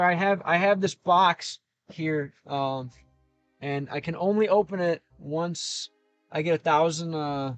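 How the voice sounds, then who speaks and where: With a voice on the high side and no echo in the recording, an Ohio streamer casually talks through viewer comments on his livestream. He's chatty and thinks aloud, restarting often and leaning on fillers.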